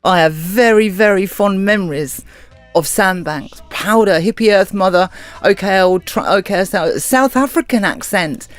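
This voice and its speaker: A woman's voice: medium pitch, normal speed. A chatty middle-aged radio host from England, speaking in a southern English accent. She talks casually and reads listener comments aloud, with faint music playing under her voice. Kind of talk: casual live-stream radio chat.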